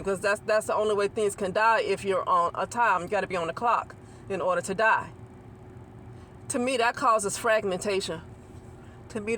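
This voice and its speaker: A woman's voice: medium pitch, fairly bright tone, slight background noise. Rambling woman musing on spirituality. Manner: rambling, repeats and restarts phrases, asks listeners to agree. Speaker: channel host. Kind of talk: casual spiritual monologue to camera.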